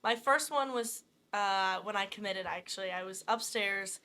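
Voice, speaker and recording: A young woman, a college athlete guest, telling stories in an animated way with many fillers. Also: mid-range voice, normal speed. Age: young adult. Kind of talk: casual interview chat.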